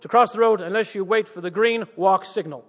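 A man's voice: high-pitched, a little fast, lo-fi sound, pitched below the performer's own voice. A man voicing a stern male American patrol officer with a put-on American accent, clipped and formal, in a reverberant hall.

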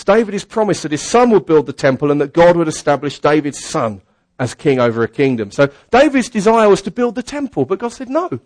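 A man gives a sermon, reading Bible passages aloud and stopping to explain them in everyday words. His voice sits a little high for a man. The sound is dry and close, with little room echo. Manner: reads scripture aloud and adds plain asides. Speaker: preacher.

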